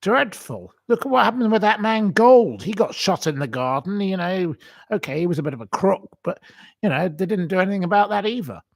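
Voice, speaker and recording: A man's voice: high voice, animated, a little fast, vocal fry. A man hosting a live stream, answering viewer comments in an emotional, indignant rant that repeats itself. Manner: indignant, ranting, repeats himself.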